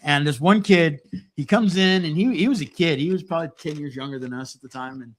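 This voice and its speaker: A middle-aged man who hosts a podcast and plays music, telling a story in a casual, animated way with a lot of swearing. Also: a little high, a little fast.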